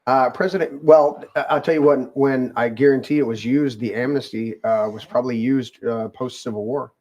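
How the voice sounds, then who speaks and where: A man's voice: mid-range voice, steady tone, normal speed, a little mellow. A man hosting a casual talk show with co-hosts, reading aloud from a web page with many fillers and restarts. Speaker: podcast host.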